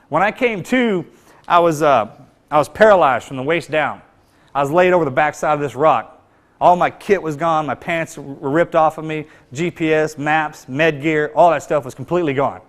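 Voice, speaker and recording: A man telling a personal combat story in plain, earnest speech, his voice often sinking low and quiet. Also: moderate pace. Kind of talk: spoken personal account to an audience.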